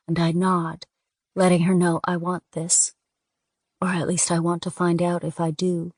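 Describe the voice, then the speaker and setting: Low-voiced woman narrating an audiobook. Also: no room sound, studio quality. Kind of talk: first-person audiobook narration.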